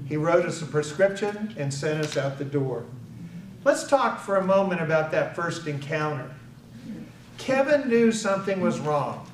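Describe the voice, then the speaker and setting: High-voiced older man speaking in an echoey hall. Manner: emphatic storyteller who acts out quoted dialogue. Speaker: invited speaker at an awareness event. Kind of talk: public speech, personal storytelling. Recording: echoey hall, picked up from far off, faint background noise.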